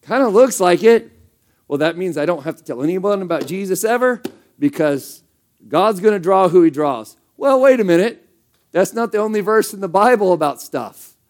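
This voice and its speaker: A man with a high voice preaches to his congregation. He talks casually but with emphasis and keeps asking the room questions. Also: animated, normal speed. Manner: conversational and emphatic, rhetorical questions. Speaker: pastor. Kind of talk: sermon.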